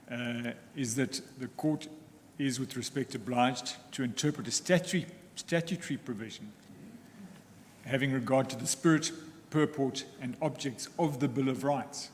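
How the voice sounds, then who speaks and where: Man, courtroom counsel, formal and deliberate, echoing hall. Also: medium pitch. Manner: measured, deliberate, formal, with frequent pauses. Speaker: counsel for the applicants. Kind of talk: formal legal argument in court. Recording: echoey courtroom with faint ambient noise.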